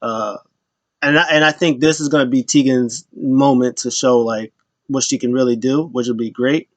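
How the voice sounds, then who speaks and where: A man's voice: mid-range voice, steady tone, normal speed, no room sound. A man giving a casual, rambling wrestling recap and acting out what people said. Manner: loose, rambling retelling that acts out quotes.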